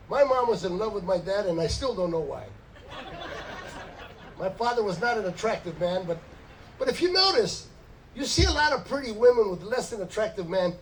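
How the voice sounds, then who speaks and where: Older man with a high voice doing stand-up on a stage mic, mixing in Spanish voices. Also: sing-song, moderate pace, distant mic, slight background noise, poor audio. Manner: storytelling, slipping into Spanish and acted voices. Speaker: stand-up comedian. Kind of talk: stand-up comedy set. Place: live theater stage before an audience.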